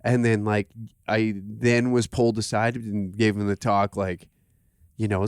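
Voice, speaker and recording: A man's voice: fairly low pitch, level tone, normal speed, clean tone, no room sound. A man hosting a casual comedy podcast, telling rambling, crude work stories close to the mic. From Canada. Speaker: podcast host.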